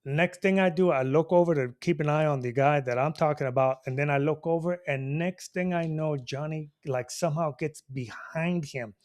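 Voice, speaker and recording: Man telling a bar story, animated. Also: fairly high pitch, normal speed, few pauses. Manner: animated, laughing, repeats "you know what I mean". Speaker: storyteller host. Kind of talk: casual storytelling to an audience.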